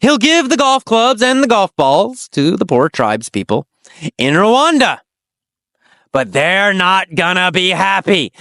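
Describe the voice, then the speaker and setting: Slow, animated high-pitched male English teacher. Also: no room sound, clean studio sound. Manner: exaggerated, animated delivery with shouted quotes. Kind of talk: slow expressive English lesson storytelling.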